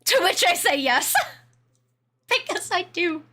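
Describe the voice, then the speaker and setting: A woman's voice: very high-pitched, sing-song, slow pace, pushed and bright. A young woman with a Swedish accent chatting casually on a livestream, rambling and laughing often. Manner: giggly, rambling, frequent laughter. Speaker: streamer.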